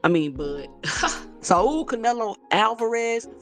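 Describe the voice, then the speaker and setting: A woman hosting a boxing channel, giving casual opinions in a loose, chatty way full of "like" and "y'all", her voice sounding a bit rough today. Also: a little high, very animated, takes it slowly, fairly bright tone, soft background music. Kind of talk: casual commentary vlog.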